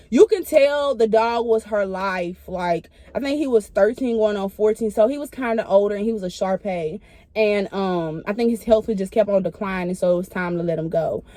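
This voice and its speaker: A young woman, a vet tech, hosting a casual podcast and telling a story in an animated way, talking straight to her listeners. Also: fairly high pitch, no echo. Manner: animated, addresses listeners as "y'all", acts out her own reactions.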